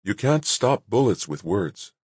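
A man voicing a composed woman head of state who asks measured, searching questions, read in an audiobook. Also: fairly low pitch, big pitch swings, a little mellow, slightly rough, no echo, pitched above the performer's own voice, full character voice. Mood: concerned.

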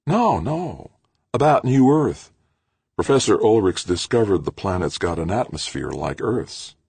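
A man's voice: fairly low pitch, sing-song, a little slow, creaky, husky, dry recording, pitched above the performer's own voice, heavily acted. A man voicing a cheerful, chatty young woman who coordinates the news media. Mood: bubbly. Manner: bright and chatty.

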